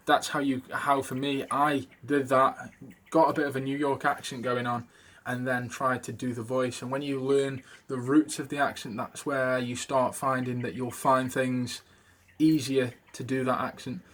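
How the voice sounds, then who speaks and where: A man's voice: mid-range voice, steady tone, unhurried, a bit bright. A man giving a casual spoken tutorial on doing impressions, rambling with many fillers and restarts. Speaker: video creator teaching impressions.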